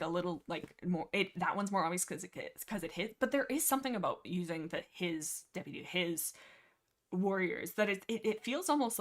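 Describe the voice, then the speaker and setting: Rambling woman with a lowish voice. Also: fairly bright tone. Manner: rambling, many fillers and restarts, reads chat aloud. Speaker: livestream host. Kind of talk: casual rambling book discussion.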